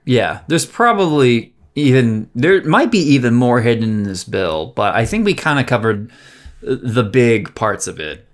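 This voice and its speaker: A man's voice: medium pitch, very animated, unhurried. A man co-hosting a podcast, talking bluntly and with a lot of profanity in casual political chat. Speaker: podcast co-host.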